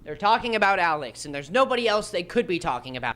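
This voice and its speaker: A man's voice: high voice, very animated, fast, fairly bright tone. A young man streaming and commenting casually, with a rambling, sarcastic manner. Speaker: livestreamer.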